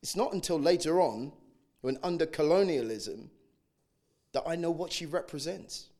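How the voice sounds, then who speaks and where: A man's voice: on the high side, moderate pace, a little mellow. A man in his eighties with a Jamaican accent, telling his life story and acting out chants and quotes between reflective asides. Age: 80s. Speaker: oral history narrator. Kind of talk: personal storytelling testimony.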